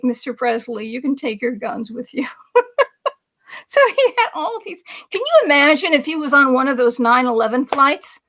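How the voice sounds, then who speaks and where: A middle-aged woman hosts a chatty political livestream and reads viewer comments aloud. Her voice sits high and is a bit bright, with a gravelly fry running through it.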